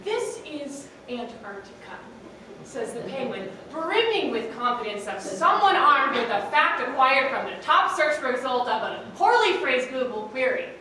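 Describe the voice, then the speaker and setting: A woman's voice: high-pitched, big pitch swings, moderate pace, hardly any pauses, sharp tone, slight background noise, exaggerated voice. Haughty male penguin, as a woman puts him on, raised voice, echoey hall from afar. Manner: haughty, confident. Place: theatre stage, live performance. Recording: roomy hall, voice from far off.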